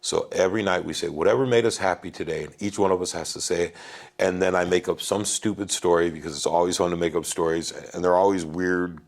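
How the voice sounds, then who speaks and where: A man telling family stories in a casual chat, animated, acting out his kids' lines and often calling the listener "bro.". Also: low-pitched, fast. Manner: animated, swears, says "bro" a lot. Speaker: podcast guest. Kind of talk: casual storytelling.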